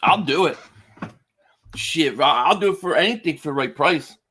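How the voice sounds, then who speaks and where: A man's voice: a little high, moderate pace, slight background noise. A man on a live stream who calls a football game play by play and chats loosely with his viewers, swearing now and then. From Philadelphia area. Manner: loose and excitable, swearing, reading chat aloud. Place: home, indoors.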